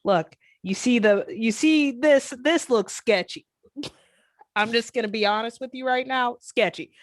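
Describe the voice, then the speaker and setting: A woman's voice: on the high side, measured pace, dry recording, studio quality. A woman playing a tabletop game, voicing her character in blunt, slangy, streetwise talk. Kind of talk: in-character tabletop role-play.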